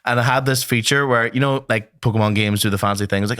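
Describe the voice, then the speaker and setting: A man's voice: mid-range voice, fast, few pauses, a bit bright, no room sound, clean studio sound. A man co-hosting a podcast in casual chat, teasing his co-host and swearing casually.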